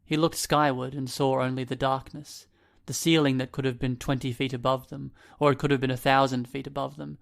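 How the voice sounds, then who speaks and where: Man, audiobook narrator, measured reading, middling pitch, flat delivery. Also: vocal fry. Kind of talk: scripted narration.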